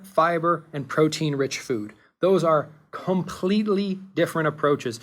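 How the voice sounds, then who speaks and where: A man's voice: fairly high pitch, unhurried, hardly any pauses. A man hosting a podcast, explaining nutrition research in an earnest way and repeating key points for emphasis. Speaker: podcast host. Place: Seattle studio.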